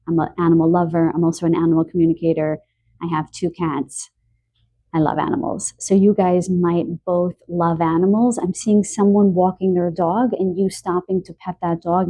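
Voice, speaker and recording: A woman giving a spoken tarot card reading, a little stuffy from allergies and clearing her throat, talking softly and earnestly with emotion. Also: on the low side. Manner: soft, earnest, emotional about animals.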